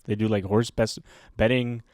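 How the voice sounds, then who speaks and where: A Canadian podcast co-host speaks at normal speed in a lowish, level, slightly mellow voice. His casual chat is rambling and hesitant storytelling full of fillers, captured in a dry, studio-quality recording.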